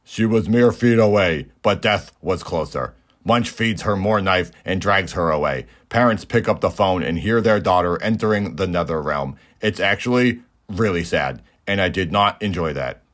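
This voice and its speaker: A man narrating a comedic movie recap in a deadpan, mock-naive way. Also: low voice, normal speed.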